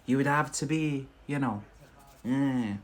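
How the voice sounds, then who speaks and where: A man's voice: medium pitch, unhurried. A British man running a casual live English lesson, chatty and jokey, often breaking into laughter. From Britain.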